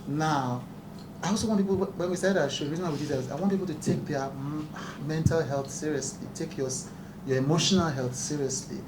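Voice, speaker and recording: Man, higher-pitched, earnest and emphatic, laughs easily, echoey room, distant mic. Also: a little fast, noisy background. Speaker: talk show host speaking at a press conference. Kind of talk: press conference remarks. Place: press conference room.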